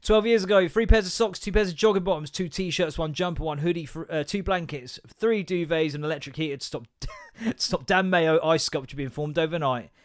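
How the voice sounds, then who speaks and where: A young man with a fairly high voice hosts a solo podcast in a loose, rambling way. He swears constantly, laughs at his own stories and hops from one rant to the next. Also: a little fast. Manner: sweary, chatty, laughs often, jumps between rants. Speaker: podcast host.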